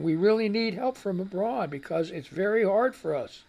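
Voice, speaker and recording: A woman's voice: medium pitch, animated, moderate pace, creaky, hardly any pauses, darkish tone. A woman hosting a live radio news show, reading stories and ranting about them in a rambling, exasperated way. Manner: rambling, growing angry and exasperated. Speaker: host of a news commentary show.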